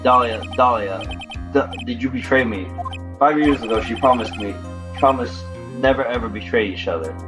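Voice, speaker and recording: A man voicing a heartbroken, simple-spoken convict who talks in slow, broken phrases. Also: medium pitch, over music, natural voice. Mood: pleading.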